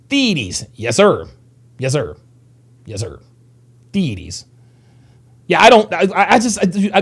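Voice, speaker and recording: A man's voice: medium pitch, gravelly. A man in his thirties hosting a casual livestream, rambling and profane as he reads chat comments. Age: 30s. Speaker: livestream host.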